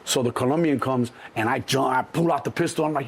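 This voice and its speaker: Gravelly-voiced man telling stories. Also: fast, hardly any pauses. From Chicago. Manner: animated, acts out other people's voices in a higher pitch, profane. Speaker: interview guest. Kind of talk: storytelling in an interview.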